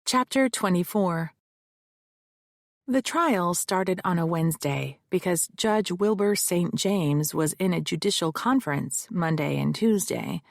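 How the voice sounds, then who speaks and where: Gravelly woman narrating an audiobook. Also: on the low side, lively intonation, unhurried, dry recording, studio quality. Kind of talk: first-person audiobook narration.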